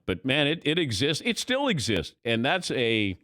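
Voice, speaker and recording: A middle-aged sports radio host tells stories with a lively, swooping voice and acts out his own thoughts as he goes. The studio sound is dry and close. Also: medium pitch, normal speed, no room sound.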